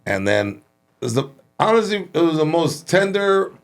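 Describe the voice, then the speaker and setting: A man from Los Angeles hosting a podcast, telling animated, profane stories in casual chat. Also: on the high side, moderate pace. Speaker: podcast host.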